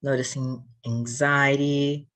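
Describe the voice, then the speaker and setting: A host and company head talking in a thoughtful, halting way, often pausing to find words, about breath and self-worth. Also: mid-range voice, level tone, a bit bright. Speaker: host and diversity company CEO. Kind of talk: casual reflective conversation.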